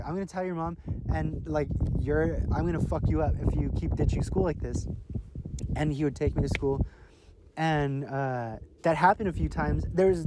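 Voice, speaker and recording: A young man co-hosting a podcast, rambling through a profane story. His voice sits a little high, and he bursts into loud impressions of other people. A heavy wash of noise runs under the whole recording. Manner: profane, rambling, acts out quotes loudly. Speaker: podcast co-host. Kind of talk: casual storytelling chat.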